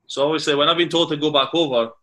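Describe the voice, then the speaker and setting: A man's voice: fairly high pitch, fairly even intonation, rapid-fire, pushed and bright. A Scottish man from Carnoustie, a former footballer, chatting as a guest and telling rambling stories full of restarts and repeated words. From Carnoustie, Scotland. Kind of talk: casual podcast chat, anecdotes.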